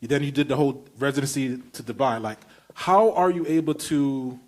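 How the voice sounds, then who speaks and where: At normal speed and medium pitch, a podcast host with a Brooklyn accent talks enthusiastically and with emphasis in a casual conversation, chaining long questions one after another.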